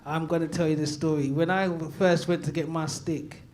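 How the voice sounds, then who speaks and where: A man with a London accent doing open-mic stand-up on a comedy night stage. His voice sits high for a man, and he talks loudly, laughing through his lines and trading calls with the crowd. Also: flat delivery, normal speed, a little hiss or hum. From Brixton, London. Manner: loud, chatty, laughing, riffs with the crowd.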